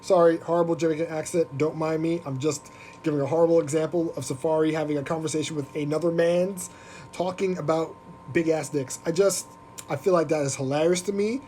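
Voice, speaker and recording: A podcast host ranting on a live stream in an animated, profane, mocking way. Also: male voice, on the high side, fairly quick, a little hiss or hum. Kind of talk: casual live-stream rant.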